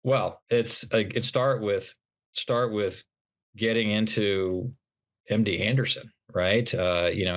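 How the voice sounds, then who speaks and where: With a fairly low, fairly bright voice, this middle-aged motivational speaker shares his own story as a guest on a podcast interview. He is earnest throughout, voicing the dialogue from past events and frequently starting his sentences over.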